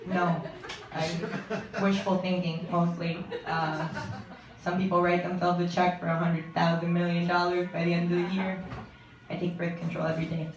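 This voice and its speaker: A young woman doing a stand-up comedy set, with deadpan jokes and quick asides to the audience. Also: lowish voice, slight background noise. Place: comedy club stage. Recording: echoey room from a distance, audience laughter.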